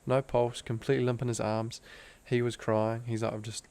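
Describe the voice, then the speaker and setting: A man's voice: mid-range voice, flat delivery, normal speed, a little mellow, clear, resonant tone. A young man, a podcast guest, telling a personal story in an earnest, intense way, full of "like" fillers. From Australia. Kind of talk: casual storytelling interview.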